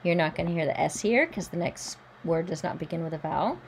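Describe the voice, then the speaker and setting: A woman teaching French pronunciation, modelling each word slowly and carefully, then explaining the spelling and sounds. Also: fairly low pitch, a little hiss or hum. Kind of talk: pronunciation lesson.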